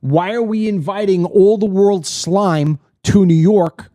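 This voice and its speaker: A man's voice: sits high, slow pace, warm tone, no room sound. A middle-aged man from the United States hosting his own political commentary show, delivering a blunt, indignant monologue to camera and repeating words when he gets worked up.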